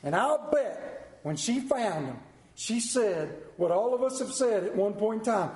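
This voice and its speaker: A man's voice: high voice, lively intonation, moderate pace, few pauses, a little mellow, roomy sound. A man preaching a sermon in a church, telling a folksy story and asking the congregation questions. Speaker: pastor. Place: church sanctuary.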